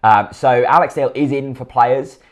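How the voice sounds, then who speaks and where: A man's voice: medium pitch, steady tone, moderate pace. A man giving blunt, opinionated football commentary to camera, often asking and then answering his own questions. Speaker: football fan vlogger.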